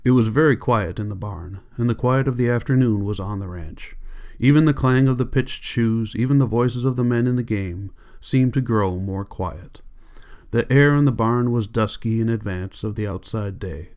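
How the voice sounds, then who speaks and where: A man narrating an audiobook in a calm, measured reading. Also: lowish voice. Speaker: audiobook reader.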